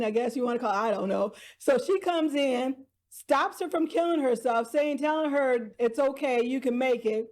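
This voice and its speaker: A woman's voice: high voice, a little mellow. A woman vlogger casually recapping TV dramas, chatty, laughing often and restarting her sentences.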